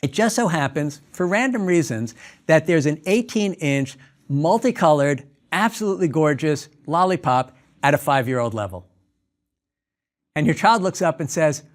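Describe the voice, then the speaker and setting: Brief: male speaker with a slightly high voice, giving a lecture through stories. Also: animated, normal speed. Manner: storytelling, acts out dialogues. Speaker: clinical psychologist. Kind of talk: lecture talk.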